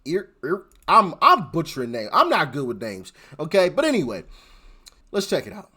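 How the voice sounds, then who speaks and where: A man hosts his own commentary channel. His voice sits a little high and moves a lot in pitch. He keeps it informal and chatty and addresses his viewers directly. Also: wildly swooping pitch, normal speed, pushed and bright, husky. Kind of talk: casual reaction commentary.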